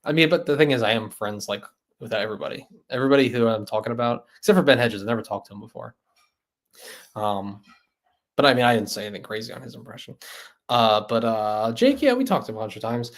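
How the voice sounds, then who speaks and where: A man's voice: mid-range voice, lively intonation, fast talker. A man hosting a live stream, chatting loosely with viewers, laughing and trying out impressions of other creators. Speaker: host.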